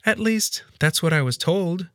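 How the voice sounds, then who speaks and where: A polite, worried house maid, as a male narrator puts her on, lifting into a high, careful voice. She stays deferential and keeps calling him sir. The audiobook sound is dry and close. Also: very animated, normal speed, a bit bright, no room sound. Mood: concerned. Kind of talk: audiobook character voice.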